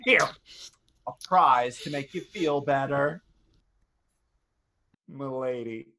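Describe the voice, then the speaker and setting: A man playing a filthy, manic male rat who hosts a game show, with hammy, crude delivery and shouted cackling lines in a comedic stage play. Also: mid-range voice, slow pace. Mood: mocking cruel.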